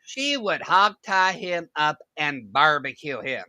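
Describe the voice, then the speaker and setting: A woman's voice: low voice, lively intonation, slow pace, bright, forceful tone, no echo, rough recording. A woman reacting to clips with sarcastic remarks, often breaking into laughter. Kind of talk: reaction commentary.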